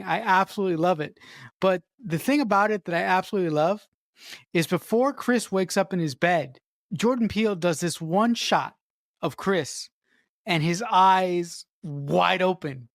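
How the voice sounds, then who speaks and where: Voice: medium pitch, a little slow, no echo, clean studio sound. A podcast co-host in casual movie discussion, talking with enthusiasm and often repeating words while finding the right one.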